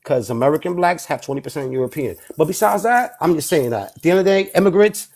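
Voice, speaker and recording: A Puerto Rican man with a New York accent argues in long, rambling stretches full of restarts. He gets defensive and his slightly high voice jumps into shouts when he is pushed. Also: animated, fast talker. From Puerto Rico. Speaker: debate participant. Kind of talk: heated live online debate.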